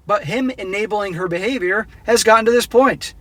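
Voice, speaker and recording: Blunt, preachy man with a bright, high voice. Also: moderate pace, hardly any pauses, dry recording. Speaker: commentary channel host. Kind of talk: opinionated monologue reacting to a read-out story.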